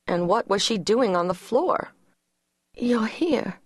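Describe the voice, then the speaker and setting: With a medium-pitched voice, a woman tells an audiobook story in a steady, measured way. The sound is dry and studio-clean.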